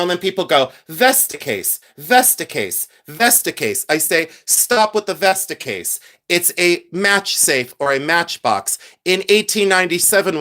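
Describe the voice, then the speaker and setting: A man's voice: a little high, fairly bright tone. Emphatic man hosting a live jewelry stream. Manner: emphatic, self-assured, corrective, chatty asides. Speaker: antique jewelry collector and channel host. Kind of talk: live-stream show-and-tell.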